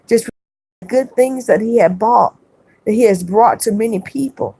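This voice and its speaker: A woman hosting a livestream, reading viewers' comments aloud and answering them in a soft, halting way with many fillers. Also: a little high, creaky, slightly rough, dry recording. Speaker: livestream host.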